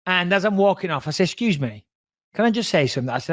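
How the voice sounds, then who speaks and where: Animated storytelling man. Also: high voice, fast, no room sound. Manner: animated, swears freely, acts out quotes. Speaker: podcast co-host. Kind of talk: casual storytelling.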